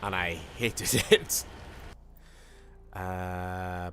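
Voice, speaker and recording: Jokey Scottish streamer, low voice. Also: male voice, lively intonation, moderate pace, a bit bright, a little hiss or hum. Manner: rambling, jokey. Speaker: gaming streamer. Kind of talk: casual live-stream commentary.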